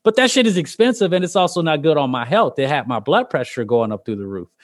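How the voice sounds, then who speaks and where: A young man with a high voice hosts a casual podcast chat. He tells stories with lots of laughter, and he jumps even higher in pitch when he acts out what other people said. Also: quick pace. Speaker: podcast host.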